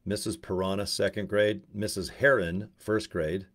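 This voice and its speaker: A man's voice: lowish voice, steady tone, moderate pace, fairly bright tone. A man giving a casual, rambling, blunt monologue to camera as an online business promoter.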